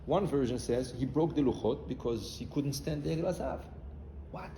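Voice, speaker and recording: In a quick-paced male voice with lively pitch, a rabbi gives a storytelling sermon blending Hebrew words into English, broken by loud outbursts. The recording carries a bit of hiss or hum and faint hall ambience from a roomy space.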